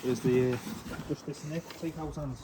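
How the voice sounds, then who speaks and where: Offhand site worker in noisy surroundings. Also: male voice, a little high, fairly even intonation, normal speed, warm tone. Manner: short, offhand remarks while working. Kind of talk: casual chat on a work site.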